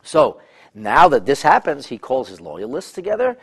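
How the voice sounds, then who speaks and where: A man teaching a Torah text study class, animated, with halting restarts and repeated words. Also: medium pitch, gravelly, slightly rough. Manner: animated, rising to exclamations, voices the king in quotes.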